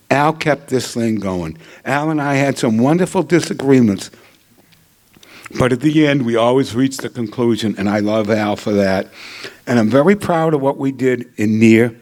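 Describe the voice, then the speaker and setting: A man's voice: medium pitch, a little mellow. An older man speaks into a podium microphone at a ceremony. He tells his story with humor and quips, in a mid-range voice, like a seasoned speaker thanking the people around him. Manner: joking anecdotal storyteller. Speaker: hall of fame inductee. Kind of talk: acceptance speech. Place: ceremony hall.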